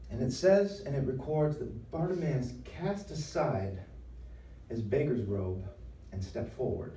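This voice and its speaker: A man preaches in a lively, conversational way, leaning into emphatic lines and playful acted-out voices. His tone is dark and mellow. He sounds set back from the mic in a roomy live venue with a faint hum of ambience behind him. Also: mid-range voice, unhurried, distant mic. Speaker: former pastor giving a talk. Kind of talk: preaching talk.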